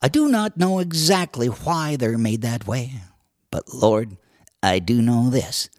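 A man reciting a humorous cowboy poem with an expressive storytelling delivery. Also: medium pitch, slow pace, no room sound, clean studio sound. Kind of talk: dramatic poetry recitation.

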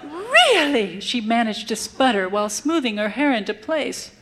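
A woman's voice: fairly high pitch, normal speed, very noisy. A woman reciting a humorous rhyming cowboy poem in a wry storytelling manner. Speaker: cowboy poet.

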